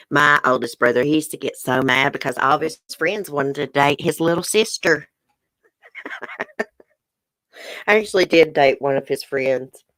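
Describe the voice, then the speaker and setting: Low-voiced Southern woman chatting live. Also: a bit bright, no room sound. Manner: chatty, laughs often, says y'all. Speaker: livestream host. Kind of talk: casual livestream chat with viewers. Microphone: webcam or phone close up.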